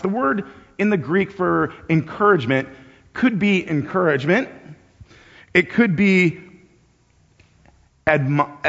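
A man's voice: high-pitched, expressive, measured pace, creaky. A man preaching a sermon in a conversational way, often repeating words as he goes, and pushing his voice up when he acts out urgent appeals. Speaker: pastor. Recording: dull sound with long hall reverb.

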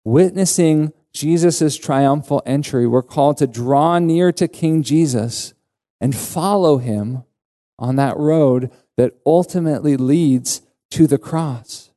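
A male pastor delivering an earnest sermon with emphatic rises in pitch. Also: slow pace, dark tone.

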